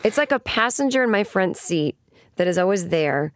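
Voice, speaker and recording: A woman comedian from Boston tells stories with quick comic timing. Her voice jumps high when she acts out other people. The studio sound is close and dry, with no room echo. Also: animated. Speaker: comedian guest. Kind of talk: storytelling interview.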